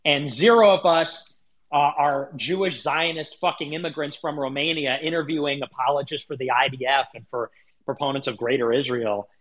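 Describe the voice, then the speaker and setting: A man's voice: a little high, steady tone, normal speed, fairly bright tone. A man hosting a livestream, delivering a heated, indignant monologue full of swearing and restarts. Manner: indignant, profane, repeats himself. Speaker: livestream host.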